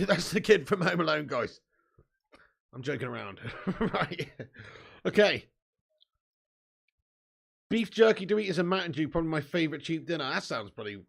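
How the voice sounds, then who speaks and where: A young man hosting a live football watch-along, joking and swearing, breaking into shouts when chances come. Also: medium pitch, gravelly. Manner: banter-filled, swearing, jokey, bursts into shouts at chances.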